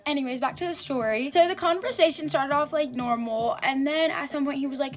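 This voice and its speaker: A woman's voice: high-pitched, a little fast, few pauses. A teenage girl chatting casually into a phone about her school day, filling her talk with "like". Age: teens. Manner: chatty, lots of filler "like". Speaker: vlogger. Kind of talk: casual storytime chat. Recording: music playing behind. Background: music.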